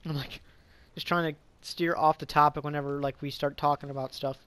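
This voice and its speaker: A man's voice: a little high, flat delivery, fairly quick, pushed and bright. A man casually telling a story from his school days, rambling with lots of fillers, swearing, and frequent stumbles and restarts. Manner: rambling, filler-heavy, profane. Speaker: vlogger.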